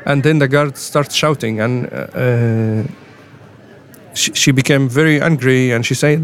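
A man speaking English, telling of his detention in halting speech full of repeated words and fillers. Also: mid-range voice, steady tone. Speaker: interviewee, former detainee. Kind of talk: personal testimony. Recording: faint music underneath.

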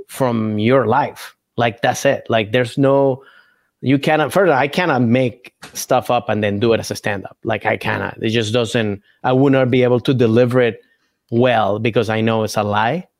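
A man's voice: mid-range voice, no room sound. A man guest in a casual interview, rambling and restarting his thoughts as he explains his approach. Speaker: comedian guest.

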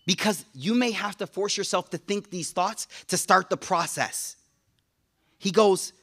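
A young man giving a lively, casual sermon to a live audience, joking and using slang, and reciting Arabic quotations quickly. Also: high voice. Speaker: Islamic lecturer.

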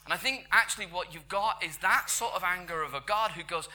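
A man preaching a sermon in church, conversational, dropping to whispers and rising to loud emphatic bursts. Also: high-pitched, fairly quick, hardly any pauses.

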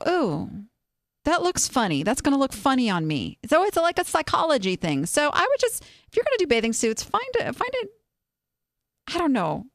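A woman's voice: a little high, no room sound, clean studio sound. A woman hosting a casual live stream, giving frank, chatty advice on online sales listings. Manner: chatty, frank, animated, with many restarts. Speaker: host reviewing online listings.

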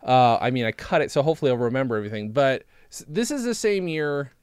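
A man's voice: medium pitch, animated, fast, a little mellow, smooth. A man co-hosting a casual chat, rambling and cutting himself off, with some casual swearing. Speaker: podcast co-host. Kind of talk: casual chat reviewing old videos.

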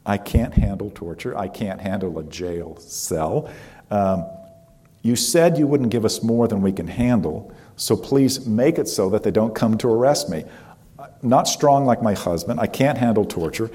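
A man's voice: fairly low pitch, expressive, unhurried, dark tone. A man voicing a frightened Christian wife in prison, who pleads in prayer and preaches boldly to her captor. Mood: pleading.

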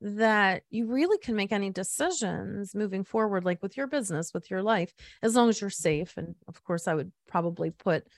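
A middle-aged woman hosting a podcast interview, chatting in a relaxed way full of fillers and stories. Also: mid-range voice, normal speed, few pauses, no echo, clean studio sound. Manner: chatty, warm storytelling with frequent fillers. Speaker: podcast host. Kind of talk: conversational interview.

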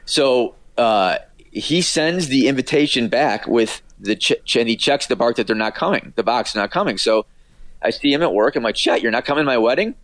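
A man's voice: medium pitch, lively intonation, normal speed, fairly bright tone, no room sound. A man, an author and radio producer, telling anecdotes casually as an interview guest, with many fillers and restarts.

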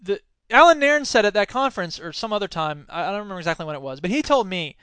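An American man in his thirties telling a story in a talk, animated, acting out quoted voices, with many fillers and restarts. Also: sits high, fast talker, smooth, no room sound. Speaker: speaker giving a talk. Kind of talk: storytelling lecture.

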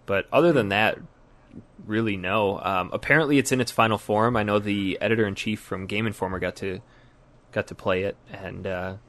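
A man's voice: fairly low pitch, normal speed, a bit bright. A man co-hosting a gaming podcast in loose, joking casual chat, often trailing off mid-sentence. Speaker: podcast co-host.

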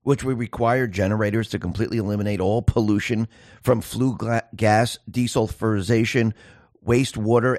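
A man's voice: fairly low pitch, darkish tone, no room sound. Emphatic male commentator, dry close sound. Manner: emphatic, rhetorical questions, acts out voices of the public. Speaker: political commentary host. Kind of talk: monologue commentary.

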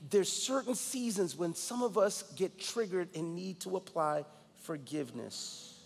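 A man's voice: high voice, measured pace, vocal fry, breathy edge, big-room sound. A man in his forties from New York, a guest pastor preaching a sermon with emphatic personal storytelling. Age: 40s.

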